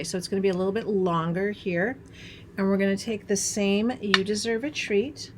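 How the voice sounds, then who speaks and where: A woman's voice: medium pitch, a little hiss or hum. A middle-aged woman from Wisconsin hosting a craft tutorial, chatting in a bubbly way as she works and laughing at herself. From Wisconsin, USA. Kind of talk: chatty hands-on craft demonstration.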